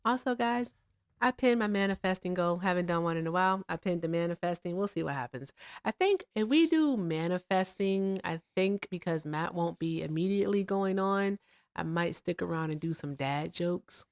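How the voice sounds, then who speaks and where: Low-pitched woman co-host, teasing and animated, on a dry close mic. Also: moderate pace, no echo. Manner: teasing, animated, talks straight to her co-host. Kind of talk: casual livestream political chat.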